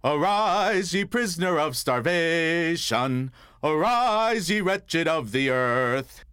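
A man doing a booming, hollering big father. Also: lively intonation, slow, clean tone, no room sound, studio quality. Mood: rousing singing. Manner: shouted, high-pitched sung and bellowed wake-up calls. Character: big, loud, booming communist father in middle age.

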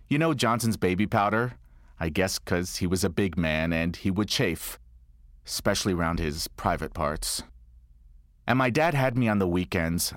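A man with a low voice performs a comic one-man monologue, his pitch swinging widely as he tells his story. He drops in dry, deadpan asides along the way. The recording is close and dry, with no room echo. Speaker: comedic monologuist.

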